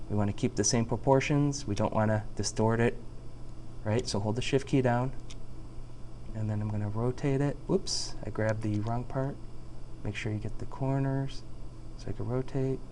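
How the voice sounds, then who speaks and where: Chatty man teaching software step by step. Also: mid-range voice, steady tone, normal speed, slight background noise. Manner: chatty, jokey, talks through each click. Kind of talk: screen-recorded software tutorial.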